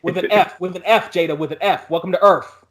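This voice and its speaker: A man co-hosting a podcast, telling profane jokes in animated, casual chat. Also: high voice, fairly quick. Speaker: podcast co-host.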